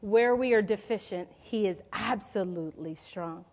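A woman's voice: mid-range voice, moderate pace, darkish tone. A woman in her forties preaching a sermon in a conversational, storytelling way, calling out questions to the congregation. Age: 40s.

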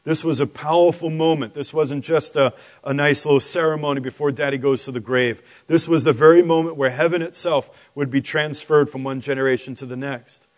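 A man preaching a sermon, telling the story in an animated, conversational way with asides to the listeners. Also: on the high side, a little fast.

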